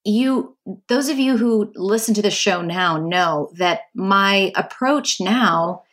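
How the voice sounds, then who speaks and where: A woman's voice: medium pitch, slow pace, fairly bright tone. A middle-aged woman hosting a podcast, telling a personal story in a candid, chatty way and talking straight to her listeners. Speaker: podcast host.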